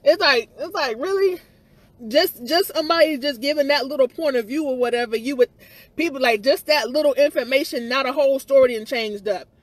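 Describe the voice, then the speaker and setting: A woman with a high voice speaks right into her phone outdoors, rambling in a frustrated, candid rant full of fillers and the odd curse. The sound is dry and close, with no room around it. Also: brisk, dry recording. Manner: rambling and frustrated, full of "you know" and "or whatever", with occasional swearing. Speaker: vlogger giving her side of a viral incident. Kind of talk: candid livestream-style rant. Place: outdoors outside her house.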